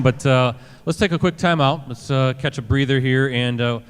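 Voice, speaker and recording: Male live-show host, mid-pitched, hall echo, faint crowd behind. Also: moderate pace, smooth.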